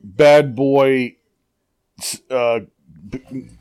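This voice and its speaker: A man's voice: medium pitch, fairly even intonation, drawn-out words, a little mellow, clear, resonant tone. A man co-hosting a casual podcast, reading an article aloud while joking and laughing through it. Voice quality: profane, joking asides. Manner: giggly, laughs through his reading and breaks off often. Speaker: podcast co-host.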